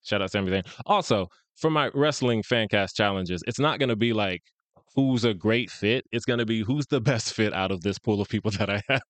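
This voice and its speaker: Male podcast co-host, low and smooth, easygoing chatter, dry close mic. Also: normal speed, a bit bright, no room sound. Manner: laid-back, chatty, laughs often. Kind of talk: casual fan-casting chat.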